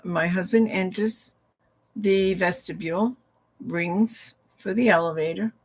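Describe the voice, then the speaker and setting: Slow, unhurried woman telling a story. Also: mid-range voice. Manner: acts out dialogue with "he goes, I said" asides. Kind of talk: casual spoken ghost story.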